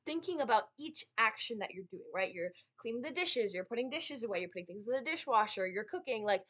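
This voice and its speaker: A young woman explains performance technique in a casual lesson. She talks fast and chattily, with plenty of fillers and tag questions. Her voice is bright and forward. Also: on the high side, lively intonation. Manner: chatty, many fillers and "right?" tags. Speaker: speech and debate student teaching.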